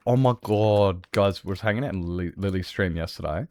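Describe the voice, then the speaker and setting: A man's voice: low-pitched, a little fast, few pauses, a little mellow. A man rambling casually on a game stream from his bedroom, restarting sentences and swearing freely. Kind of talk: casual stream chat while gaming.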